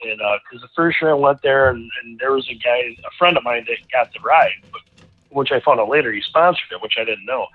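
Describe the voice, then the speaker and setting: A middle-aged man, a guest racing driver, telling a rambling, animated anecdote in casual conversation, full of restarts. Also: medium pitch, a little fast. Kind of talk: casual storytelling. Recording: tinny phone-like line.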